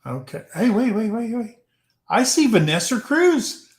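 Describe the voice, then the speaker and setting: A man's voice: high voice, big pitch swings, unhurried, echoey room. A man co-hosting a casual live stream, joking and teasing through easy banter.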